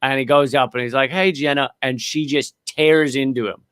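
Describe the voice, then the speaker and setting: A man who is a guest comedian, telling stories quickly and loosely in a casual chat. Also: mid-range voice, steady tone, fairly bright tone, clear, resonant tone, no echo, clean studio sound. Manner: rapid, storytelling, loose.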